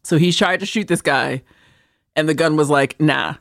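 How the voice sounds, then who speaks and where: A woman co-hosting a podcast, joking around in casual chat and mocking people with quick impressions. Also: low-pitched, dry recording, clean studio sound. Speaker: podcast co-host.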